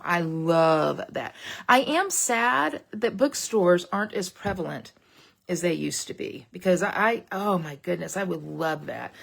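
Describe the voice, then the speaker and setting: Chatty woman with a gravelly, husky voice. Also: lowish voice. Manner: chatty, folksy, talks straight to viewers with frequent "okay?". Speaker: papercraft demonstrator. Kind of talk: casual craft tutorial livestream, reading viewer comments.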